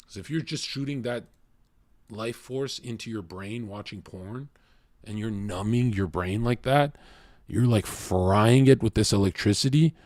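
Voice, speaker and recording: A man rants to his livestream chat in a brash, profane way. He jumps from shouting to near-whispered asides. The sound is dry and close, with no room echo. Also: a little slow. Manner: brash, profane, swings from loud shouting to low murmuring. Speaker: streamer.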